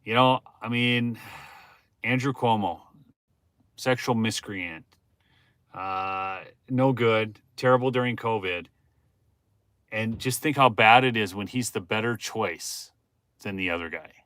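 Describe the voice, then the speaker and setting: A man hosting a rambling political livestream. He talks straight to his viewers and asks the chat questions, swinging from low muttering to loud exclamations. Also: slow, pauses often, clean tone, no room sound. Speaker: livestream host.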